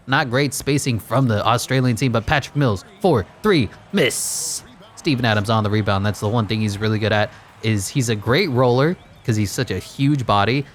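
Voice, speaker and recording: A man giving joking play-by-play commentary over a basketball video game, in a dry, mock-announcer manner. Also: mid-range voice. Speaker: gaming YouTuber.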